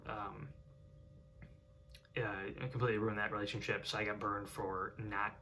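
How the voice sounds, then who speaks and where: A man's voice: fairly low pitch, level tone, normal speed, sharp tone, a little hiss or hum. A young man talking casually to camera in a rambling way, full of fillers and restarts. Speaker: vlogger.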